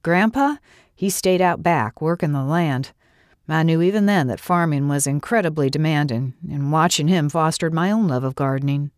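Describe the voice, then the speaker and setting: A middle-aged woman narrates a first-person story with an earnest, reflective delivery. Her voice sits on the lower side, and the recording is dry and close. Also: moderate pace, no echo.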